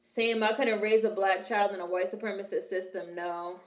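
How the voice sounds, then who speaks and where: A woman's voice: mid-range voice, steady tone, normal speed. Blunt, wisecracking young woman in a roomy room. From Washington, D.C. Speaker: host reacting to a film. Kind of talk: casual film reaction commentary.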